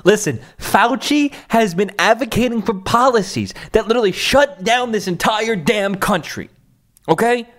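A man's voice: high voice, moderate pace, a bit bright. A man hosting a political commentary show, talking in a blunt, scornful and mocking way over clips.

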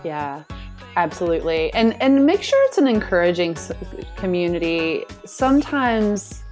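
A woman business coach speaking as an interview guest, her voice at a middle pitch. She tells her stories with lively, animated energy and acts out other people's words. Faint music plays under the talk. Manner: animated storyteller, acts out quotes, laughs often. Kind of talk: casual interview conversation.

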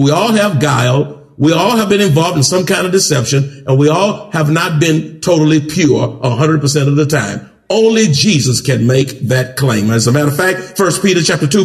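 A man preaching a sermon as pastor, mixing jokes with loud, soaring shouts. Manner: preaching with humor, swings into loud high-pitched shouts. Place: church. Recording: echoey church hall.

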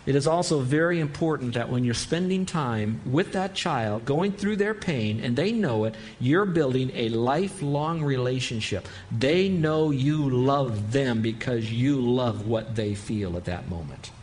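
A man's voice: medium pitch, animated, unhurried, few pauses, darkish tone, a little hiss or hum. A man preaching a sermon in an earnest way, acting out what a parent might say to a child in a lifted voice. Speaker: pastor.

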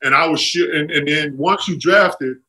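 A middle-aged man telling stories in a casual chat, animated and acting out what others said. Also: normal speed, low-quality recording. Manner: animated, acts out quotes with jumps in pitch. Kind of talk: casual storytelling.

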